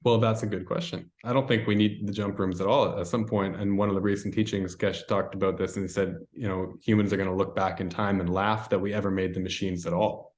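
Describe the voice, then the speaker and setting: Low-voiced man telling a rambling story. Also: fairly even intonation, fairly quick, few pauses, darkish tone. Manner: rambling, filler-heavy storytelling. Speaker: interview guest. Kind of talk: casual interview.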